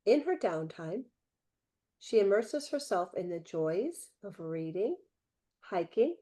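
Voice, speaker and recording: A woman's voice: mid-range voice, sing-song, slow, dark tone. A woman hosting an online book-launch interview, who reads an introduction and then responds with affirming murmurs. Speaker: host.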